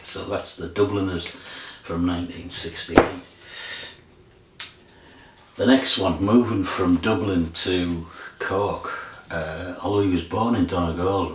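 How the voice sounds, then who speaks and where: Low, flat-voiced older man chatting. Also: slight background noise. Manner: rambling, chatty, many fillers and restarts. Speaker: record collector vlogger. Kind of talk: casual chat. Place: room in front of a record collection. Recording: roomy sound from a distant mic.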